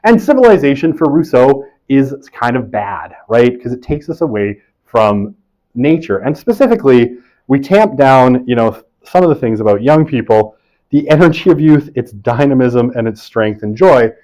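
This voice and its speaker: A man's voice: mid-range voice, big pitch swings, normal speed, darkish tone, dull audio. A man in his forties giving a conversational university lecture in a classroom, often checking in with "right?" and adding self-deprecating jokes.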